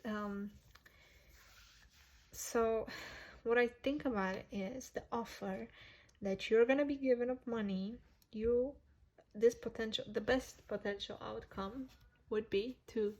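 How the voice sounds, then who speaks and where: A woman's voice: mid-range voice, darkish tone. A woman giving a casual tarot reading to viewers, chatty, laughing often and correcting herself as she goes. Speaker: tarot reader.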